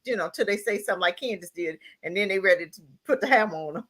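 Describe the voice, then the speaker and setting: A woman's voice: medium pitch, lively intonation, very fast, fairly bright tone. A woman co-hosting a casual chat, talking emphatically and laughing often. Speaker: co-host reacting to a documentary. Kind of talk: casual live-stream chat.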